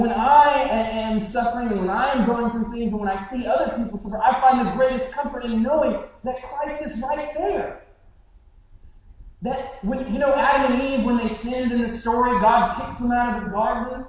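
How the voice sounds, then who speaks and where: Earnest male pastor in an echoey church. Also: very high voice. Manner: earnest, conversational, with restarts. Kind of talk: sermon. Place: church sanctuary. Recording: very echoey hall, mic far off.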